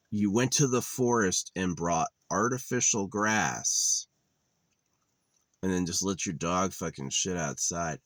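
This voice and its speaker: Outdoors in a wooded area, a young man with a very deep voice records a vlog, rambling through a cynical, profane monologue. He swears freely, hopping between grievances, speaking slowly in a slightly bright tone. The sound is dry with no echo.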